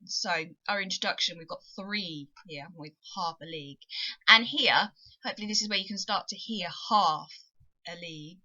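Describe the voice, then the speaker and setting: A woman's voice: lowish voice, bright, forceful tone, highs cut off. A woman tutor giving a recorded poetry lesson, explaining with emphatic, repeated phrases. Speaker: English tutor.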